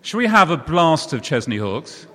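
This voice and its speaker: A man's voice: a little high, very animated, normal speed, big-room sound, noisy background. A man preaching in a chatty way, talking with the congregation. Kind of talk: sermon.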